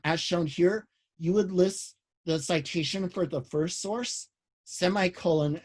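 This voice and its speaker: Casual, high-voiced male writing instructor. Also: a little mellow. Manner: casual, many "um"s and restarts, explains step by step. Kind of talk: online class lecture.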